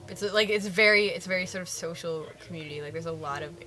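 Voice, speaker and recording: Young Canadian-accented woman, casual interviewee, rapid rambling delivery. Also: lowish voice, pushed and bright, soft background music. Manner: rambling, heavy use of "like". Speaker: musician interviewee.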